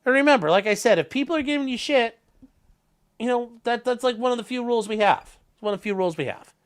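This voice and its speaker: A man's voice: very high voice, lively intonation, fast, smooth. A man from Ohio with a Northern Ohio accent, hosting a casual livestream, reading chat messages and joking loosely with some swearing. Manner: loose and jokey, swearing freely, rambling asides. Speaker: livestream host.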